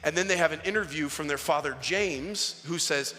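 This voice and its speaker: A man's voice: on the high side, moderate pace. Youth pastor, male, preaching casually with punchy emphasis; long hall reverb. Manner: casual, slangy preaching that swings from hushed asides to emphatic calls. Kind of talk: sermon.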